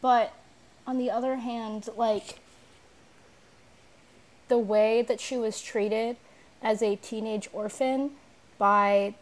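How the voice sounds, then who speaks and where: A woman's voice: on the high side, fairly even intonation, slow pace, pauses often. Young woman co-host, rambly, lots of likes and half-finished sentences. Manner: rambling, many likes and restarts. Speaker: podcast co-host. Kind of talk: casual chat about an anime.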